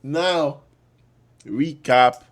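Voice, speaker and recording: A man reacting to a football match as a fan, loud and trash-talking, with bursts of shouting. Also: a little high, drawn-out words, dry recording.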